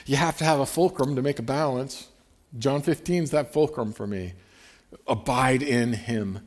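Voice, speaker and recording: A man preaching in a relaxed, conversational way. His voice sits in a middle range, and he leans hard on key phrases as he reads and explains scripture. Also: medium pitch, moderate pace. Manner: conversational, emphatic with restarts and scripture reading. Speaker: pastor. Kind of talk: sermon.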